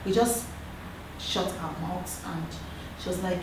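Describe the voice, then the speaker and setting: A woman's voice: lowish voice, unhurried, long pauses. Nigerian woman giving earnest advice, echoey room. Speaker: guest. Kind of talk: casual chat. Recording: roomy echo, far from the mic, background noise.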